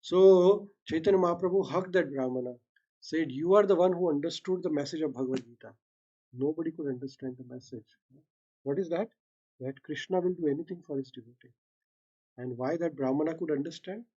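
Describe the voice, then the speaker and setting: Indian man giving a devotional talk, mellow voice. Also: a little high, fairly quick, husky, highs cut off. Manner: speaks unhurriedly, often ends points with a questioning "right?", mixes in Hindi. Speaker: satsang speaker.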